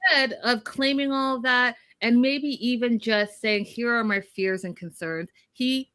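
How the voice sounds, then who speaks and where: A woman's voice: fairly high pitch, unhurried, a bit bright, clear, resonant tone. A woman co-hosting a casual recap chat, blunt and opinionated, mocking people by quoting them in put-on voices. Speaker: podcast co-host.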